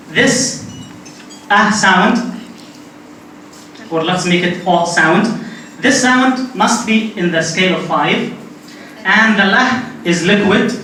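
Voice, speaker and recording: A man's voice: high-pitched, bright, forceful tone. A man whose first language is Arabic gives a linguistics lecture in a classroom, explaining step by step and repeating key points. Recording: very echoey room, distant mic, faint noise.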